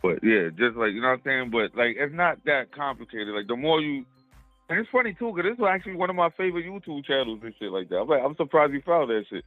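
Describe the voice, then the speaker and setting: A man's voice: mid-range voice, sing-song, fast talker, dry recording, faint music behind. A man calling into a show, explaining in a laid-back, slangy way with lots of fillers. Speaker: caller. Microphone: phone call. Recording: tinny phone line.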